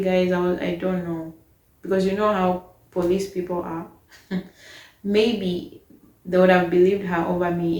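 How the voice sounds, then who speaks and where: Young woman, casual storyteller, lowish voice, exasperated and lively, roomy echo. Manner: animated, exasperated retelling.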